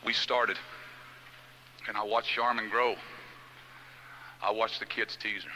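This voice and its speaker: A middle-aged man speaking to an audience in a folksy, heartfelt style and telling a personal story with feeling. His voice sits on the low side but has a sharp, bright edge. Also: flat delivery, takes it slowly, long pauses, slight background noise, poor audio. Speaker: motivational speaker. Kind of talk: motivational speech with personal storytelling.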